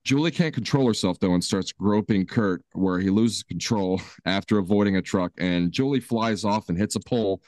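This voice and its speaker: A man's voice: fairly low pitch, normal speed, few pauses, darkish tone, no room sound, studio quality. A man co-hosting a casual movie podcast, recapping the plot with easy laughs. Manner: laid-back, laughs often while recapping. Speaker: podcast co-host.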